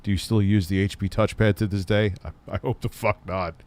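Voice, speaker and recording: A man's voice: fairly low pitch, steady tone, a little fast, a little mellow. A man hosting a live stream, mocking an old tech review with sarcastic, swearing asides. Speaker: host reacting to an old review video. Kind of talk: casual livestream commentary.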